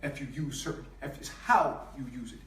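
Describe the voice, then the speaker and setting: A man's voice: mid-range voice, fairly quick, a bit bright, slight background noise. A man giving an impassioned spiritual teaching in slangy street talk, emphatic, repeating and stretching sounds to make his point. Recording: echoey room, mic at a distance.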